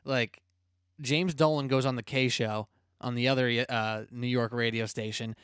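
A man hosting a sports podcast, energetic, blunt and chatty. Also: medium pitch, normal speed, clean tone, no room sound, clean studio sound. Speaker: podcast host. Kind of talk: casual sports podcast talk.

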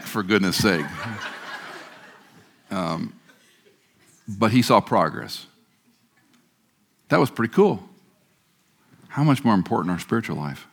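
A man's voice: on the low side, lively intonation, takes it slowly, long pauses, a bit bright, husky. A middle-aged man preaching a sermon, joking at times and leading the congregation in repeated recitation. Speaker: guest preacher.

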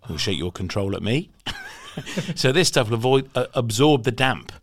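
A man's voice: mid-range voice, animated, fairly quick. A man co-hosting a podcast, chatting casually, laughing often and explaining products. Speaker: podcast co-host.

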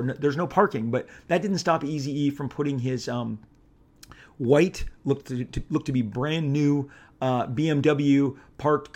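A middle-aged man from Southern California, a comic book artist telling a casual anecdote, animated and rambling, with lots of fillers and restarts. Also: medium pitch.

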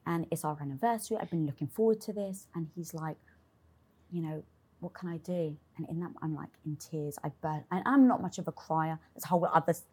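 Her voice is low and husky, and she talks briskly: a young adult woman, interviewed, telling a personal story with no filter. Expressive and liberal with swear words, she acts out the conversations in her own head.

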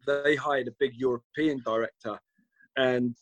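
A British guest, unhurried and fairly even in intonation, rambles through anecdotes in a casual conversation, quoting and acting out what people told him. His pitch is medium and the recording has no room sound.

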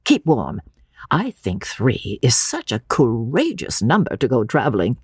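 A woman voicing a brisk, kindly male clergyman. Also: very deep voice, wildly swooping pitch, breathy edge, no room sound, studio quality, exaggerated voice.

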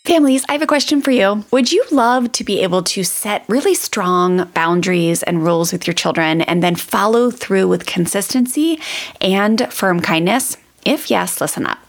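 A woman's voice: mid-range voice, moderate pace. Woman reading a podcast promo. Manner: direct, addressing listeners. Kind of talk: promo read.

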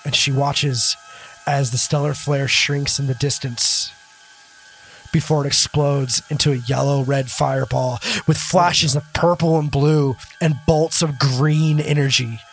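A man serving as game master, telling the scene in a relaxed, loose way with plenty of fillers. His voice sits at a middling pitch. Faint music plays beneath the narration. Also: measured pace. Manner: casual, laughing often, loose storytelling.

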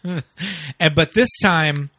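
Male podcast co-host, slightly raised pitch, conversational and easy, lots of fillers, dry sound. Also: bright, forceful tone, no room sound. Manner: chatty, lots of "you know" and quick laughs. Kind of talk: casual movie chat.

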